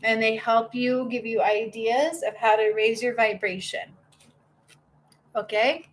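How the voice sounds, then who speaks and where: A middle-aged woman giving a live-stream spiritual reading, bubbly and excitable, laughing often as she talks. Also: fairly high pitch, unhurried. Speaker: spiritual medium and healer.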